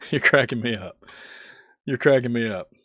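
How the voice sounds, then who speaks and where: A man with a sore, hoarse throat hosting a casual livestream, laughing often as he greets viewers in the chat by name. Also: medium pitch, lively intonation, unhurried, sharp tone, no echo, studio quality. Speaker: livestream host.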